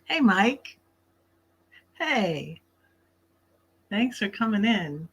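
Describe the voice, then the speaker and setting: A woman's voice: medium pitch, big pitch swings, very slow, slightly rough. A woman hosting a casual late-night livestream from her bed, chatty, laughing often and snacking while she talks. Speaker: livestream host.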